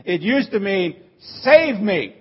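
A man's voice: sits high, big pitch swings, slow, slightly rough, dull audio. A man preaching a sermon as pastor, explaining a word like a teacher and rising to emphatic cries on the phrases he quotes.

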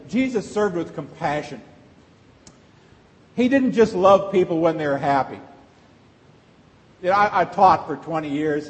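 Middle-aged pastor guy preaching, kinda high voice, asks the crowd questions, big echoey church. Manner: conversational preaching with rhetorical questions. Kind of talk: sermon. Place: church sanctuary. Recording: long reverb of a large church hall.

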